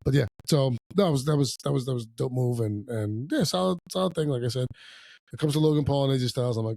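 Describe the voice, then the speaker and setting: A young man co-hosting a podcast, recapping wrestling in casual chat, fast and animated, acting out wrestlers' lines. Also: medium pitch, vocal fry, no echo. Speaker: podcast co-host.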